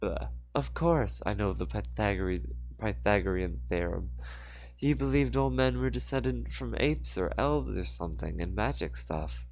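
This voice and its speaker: A man's voice: on the low side, lively intonation, measured pace, creaky, darkish tone, low-quality recording. A man voicing a sarcastic young female assistant in a raised voice. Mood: wry.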